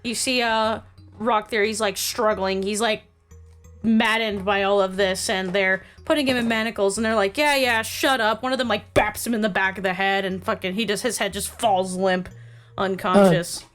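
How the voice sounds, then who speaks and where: A woman's voice: mid-range voice, fairly even intonation, moderate pace, faint music behind. A woman running a tabletop game, narrating casually with lots of "like" and "uh". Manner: casual, many fillers like "like" and "uh". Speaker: game master.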